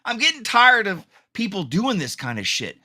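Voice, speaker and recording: A man's voice: high voice, huge pitch swings, moderate pace, bright, forceful tone. A man hosting his own podcast, ranting angrily and swearing heavily in a solo talk. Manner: angry, profane ranting. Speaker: podcast host. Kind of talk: solo rant.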